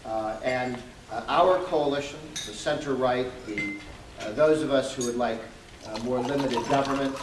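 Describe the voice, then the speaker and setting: A male guest speaker from Massachusetts delivers a keynote with dry humor, halting on filler words. He is far from the microphone in an echoing banquet hall, with dishes and cutlery clinking throughout. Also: medium pitch, background noise. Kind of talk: luncheon keynote speech. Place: banquet hall at a lunch event. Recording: roomy, distant mic with clinking dishes.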